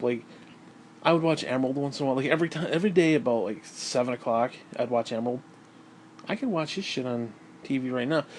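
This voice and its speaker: A man's voice: medium pitch, darkish tone, a little hiss or hum. A man vlogging in a casual, rambling monologue that turns into a profane rant.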